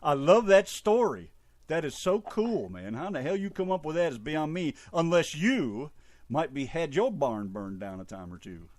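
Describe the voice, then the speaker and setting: A middle-aged American man hosting a casual radio show, loud, joking and folksy. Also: a little high, sing-song, normal speed, no echo. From United States.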